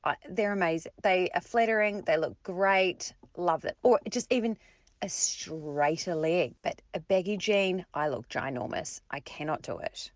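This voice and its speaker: A woman's voice: fairly low pitch, measured pace, no echo. A woman in her thirties ranting, exasperated and self-mocking, in a phone voice memo. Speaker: friend sending a voice note. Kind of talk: ranting voice message.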